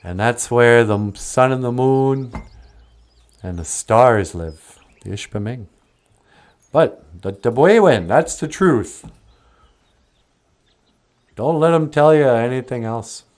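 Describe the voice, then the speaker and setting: A man hosting and telling traditional stories in a slow, musing, casual way, laughing often. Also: mid-range voice, expressive, a little mellow. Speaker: storyteller and host. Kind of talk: casual storytelling.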